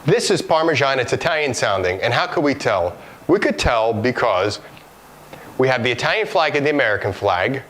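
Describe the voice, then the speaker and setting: A man's voice: medium pitch, sing-song, moderate pace, fairly bright tone, a little hiss or hum. Man presenting a food lesson. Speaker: course presenter. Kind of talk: scripted educational explainer.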